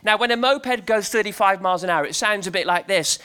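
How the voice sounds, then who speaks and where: A man preaching to a crowd in an animated, playful storytelling style, leading the crowd in shouting. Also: high-pitched, fairly quick, clean tone. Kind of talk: lively storytelling sermon to a crowd.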